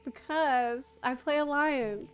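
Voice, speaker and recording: High-voiced woman streamer in her thirties. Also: a bit bright. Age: 30s. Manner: chatty, laughs often, swears casually, replies to chat. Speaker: game streamer. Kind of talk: casual live-stream chat while gaming.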